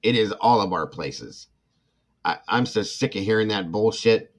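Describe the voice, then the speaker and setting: A man's voice: on the low side, expressive, normal speed. A middle-aged man hosting a true crime livestream, ranting with indignant passion, reading comments from chat and apologizing between outbursts. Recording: dull lo-fi sound.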